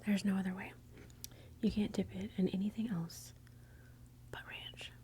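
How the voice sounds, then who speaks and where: This ASMR host is a woman from Texas who whispers close to the mic with a Texan accent, her commentary wandering and often cut off by herself. Her mid-range voice barely moves in pitch, at a moderate pace, against background noise.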